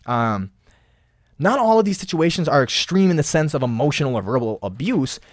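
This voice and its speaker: A man's voice: fairly high pitch, animated, a little fast, no echo, clean studio sound. A young man hosting a casual motivational podcast, talking solo in an impassioned, emphatic way and often repeating phrases. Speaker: podcast host.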